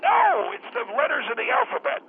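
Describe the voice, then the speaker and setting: A man doing a cranky old grandpa, a retired lawyer, who rambles and bickers on a comedy call-in. His phlegmy, gravelly voice swings up and down and comes through a tinny phone line with faint hiss. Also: very high-pitched, big pitch swings, brisk, heavily acted. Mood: grumbling. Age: older. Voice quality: throat-clearing, phlegmy. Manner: rambling, combative, loses his words. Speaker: radio caller.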